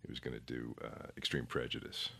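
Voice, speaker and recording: A man's voice: extremely low pitch, level tone, brisk, vocal fry, fairly bright tone, breathy edge. A middle-aged man, an actor being interviewed, telling stories in a rambling, self-deprecating way. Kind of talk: casual interview chat.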